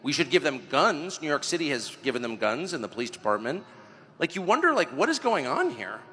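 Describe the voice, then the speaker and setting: Animated male interviewer with a bright voice. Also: on the high side, fairly quick, long reverb tail. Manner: animated, incredulous questioning. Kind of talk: interview conversation.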